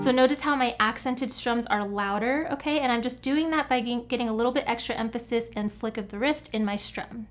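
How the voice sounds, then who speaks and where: A woman's voice: fairly high pitch, brisk, hardly any pauses. A woman teaching a beginner guitar lesson step by step, counting the beats aloud as she strums. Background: acoustic guitar playing.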